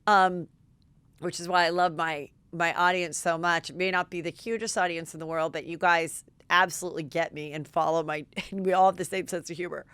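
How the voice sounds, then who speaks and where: A middle-aged woman hosting a podcast, telling gossipy stories in a lively, chatty way. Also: fairly low pitch, smooth, no room sound. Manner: gossipy, animated, quick asides. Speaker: podcast host. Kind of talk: casual chat.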